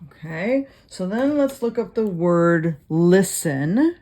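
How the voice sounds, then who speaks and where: A woman's voice: on the low side, lively intonation, a little mellow. A woman leading a casual Bible study, reading verses aloud and thinking through word meanings with frequent fillers. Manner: unhurried with frequent fillers and restarts.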